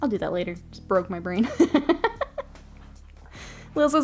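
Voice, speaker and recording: A woman streamer chatting casually with her live chat while she works, often murmuring softly, laughing easily, with a stuffy nose. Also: lowish voice, lively intonation, a little slow, long pauses, faint music behind.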